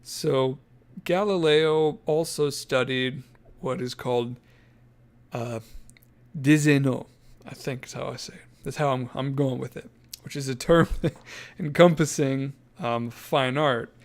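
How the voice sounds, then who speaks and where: A man's voice: mid-range voice, a little slow. A man co-hosting a podcast, reading from his notes in a casual, joking way and laughing mid-sentence. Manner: jokey, self-deprecating, laughs mid-sentence. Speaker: podcast co-host.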